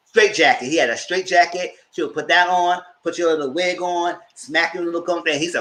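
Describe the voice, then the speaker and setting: Animated man recapping TV, echoey room. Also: brisk. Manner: acts out quotes in exaggerated voices, squeals high. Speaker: host of a TV review show.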